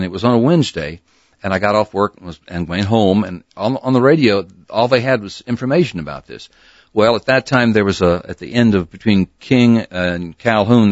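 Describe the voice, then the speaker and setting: Animated older man telling radio stories. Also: on the low side, no echo, dull audio. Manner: animated, swings into voices, laughs easily. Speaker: former radio disc jockey, guest. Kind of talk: casual storytelling interview. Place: radio studio.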